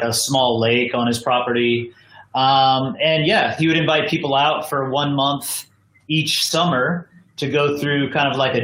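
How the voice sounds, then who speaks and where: An American man tells stories in a loose, rambling way, tossing in "like" and "you know" all the time. His voice is bright and sharp. He is calling in remotely, and the room sounds echoey. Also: mid-range voice. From United States. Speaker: podcast guest. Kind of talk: casual storytelling. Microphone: video call from home.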